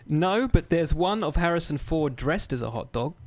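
A man's voice: a little high, animated, a little slow. A man co-hosting a podcast in casual chat, loose and profane, laughing often. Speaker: podcast co-host.

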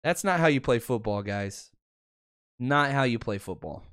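A man hosting a podcast, talking excitedly through game film and addressing his viewers. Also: medium pitch, moderate pace, clear, resonant tone, no echo, clean studio sound. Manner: excitable, swears, talks to viewers. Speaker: podcast host. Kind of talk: film breakdown commentary.

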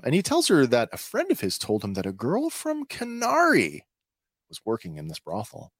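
Male podcast host, casual recapper, low voice with a wide swing, filler-heavy. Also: dry recording, clean studio sound. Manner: chatty, many filler words, laughs easily.

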